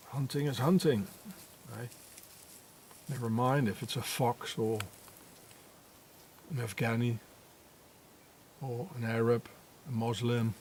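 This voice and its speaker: A man rambling in a sardonic monologue while feeding cats, often dropping into low muttered asides. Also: darkish tone, slight background noise. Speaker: vlogger.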